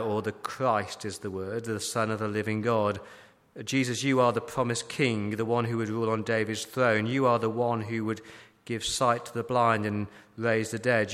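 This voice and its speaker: A man's voice: on the low side, a bit bright. A man preaching a sermon as pastor, emphatic, asking repeated rhetorical questions. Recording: long hall reverb.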